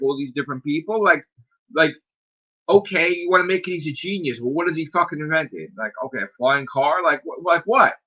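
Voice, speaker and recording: A man's voice: fairly high pitch, sharp tone. A man hosts his own streamed talk show in a loose, profane rant. He keeps piling up rhetorical questions and fillers, sounding exasperated. The recording is a bit dull and lo-fi. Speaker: podcast host. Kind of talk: casual rant. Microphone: streaming microphone.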